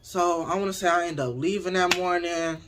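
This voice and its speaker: A man of twenty casually telling a candid storytime to his viewers, talking straight to them in an expressive way. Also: high-pitched, moderate pace, over music. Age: 20s. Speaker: vlogger.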